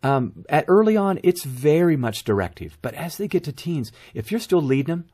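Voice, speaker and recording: A middle-aged man with a husky, slightly breathy voice talks casually on a talk show. He tells family anecdotes with animated storytelling. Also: on the high side, moderate pace. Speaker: guest parenting author.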